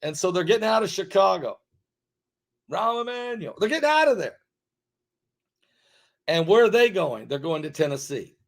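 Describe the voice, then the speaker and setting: A man's voice: sits high, big pitch swings, vocal fry. Emphatic man ranting in long lists. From United States. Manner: rapid lists with repetition, swings from loud rises to quiet asides. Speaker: online preacher and commentator. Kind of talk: emphatic direct-to-camera monologue.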